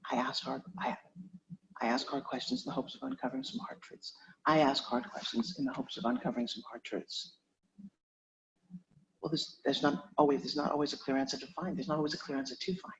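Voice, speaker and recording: A man rehearsing script lines aloud, repeating each line in a gentle counseling tone. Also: medium pitch, expressive, brisk, husky. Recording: dull lo-fi recording, faint background noise.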